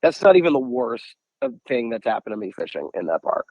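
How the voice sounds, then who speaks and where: A young man from the United States tells stories in an easy, animated way, often slipping into the voices of the people he quotes. His voice sits at an average pitch. The recording is dry and a little muffled. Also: a little fast, gravelly, no echo. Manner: animated, acts out quotes, many repeated "I'm like". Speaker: podcast guest, angler. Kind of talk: casual storytelling.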